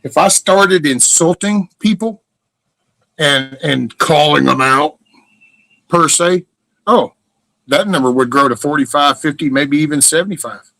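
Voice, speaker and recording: A middle-aged man talks in a loose, meandering monologue. He is blunt and swears freely, and his voice sits a touch higher than most men's. The sound is close and dry, with no room echo. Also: measured pace, gravelly, long pauses, pushed and bright. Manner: blunt, profane, meandering with restarts. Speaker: livestream host. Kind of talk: rambling casual monologue.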